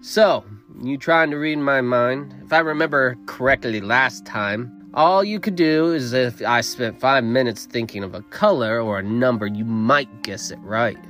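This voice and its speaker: A man's voice: mid-range voice, measured pace, fairly bright tone, soft background music, lightly acted. A man doing a crude, mocking sheriff. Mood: mocking menacing. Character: coarse, menacing frontier sheriff, grown man.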